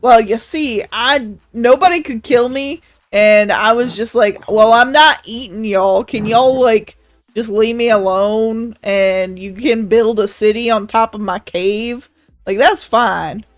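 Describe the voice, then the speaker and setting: A woman's voice: a little high, slow, no room sound. A woman voicing a boastful, meat-loving male dragon who is mayor of a town, rambling and crude in an improvised tabletop role-play. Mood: cocky.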